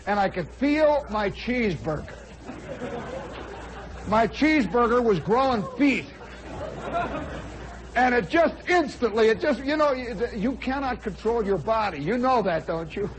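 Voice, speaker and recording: Guy in his 40s with a really high voice, telling a wild story on old radio, faint crowd and hiss behind. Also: measured pace, long pauses. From United States. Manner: animated, acts out voices, shouts for comic effect. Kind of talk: spoken storytelling monologue.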